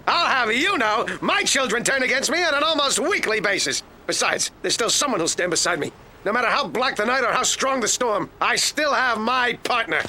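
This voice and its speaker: A crude cartoon duck rants with sleazy self-pity. His voice sits high and cuts bright and sharp, with a wide bouncing pitch. Faint noise hums under it. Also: lively intonation, normal speed, heavily acted. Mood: indignant. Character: crude loudmouth cartoon duck detective, lecherous.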